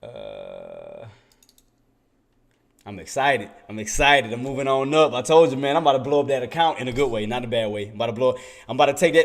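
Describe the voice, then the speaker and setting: Streaming his day trading, a man keeps up casual, excitable chatter, laughs with his chat, and mutters while searching the screen. His medium-pitched voice is creaky and fairly quick.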